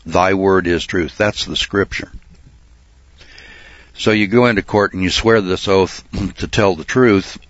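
A man preaching a folksy sermon and Bible study, often saying uh and clearing his throat. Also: low-pitched, a little slow, no echo, highs cut off. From United States.

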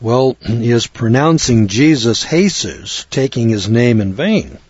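A man's voice: mid-range voice, sing-song, slow pace, a little mellow, breathy edge, dry recording, lo-fi sound. Folksy older American man teaching scripture. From United States. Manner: folksy, rambling, frequent restarts. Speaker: Bible teacher. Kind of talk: informal Bible teaching.

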